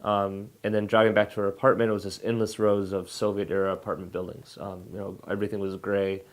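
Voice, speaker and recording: A male author answers interview questions in a loose, rambling way, often restarting his sentences. His voice sits on the low side and comes across plainly. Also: flat delivery, fast talker. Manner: rambling, frequent fillers and restarts.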